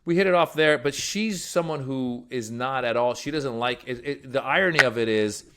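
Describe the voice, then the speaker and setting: A man from Iran, a guest comedian, telling stories in a casual, animated way. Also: mid-range voice, normal speed. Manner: animated storyteller. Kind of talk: casual storytelling.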